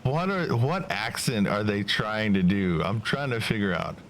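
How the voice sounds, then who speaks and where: A man's voice: lowish voice, expressive, measured pace, a bit bright, slight background noise. A male streamer giving laid-back, amused commentary while playing a game. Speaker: VTuber streamer.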